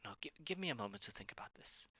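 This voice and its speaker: A man's voice: sing-song, racing, bright, forceful tone, breathy edge, no room sound, muffled recording, full character voice. A man voicing a scholarly older vampire hunter who keeps to himself and mutters under his breath. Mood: cautious. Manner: mumbling, low and muttering.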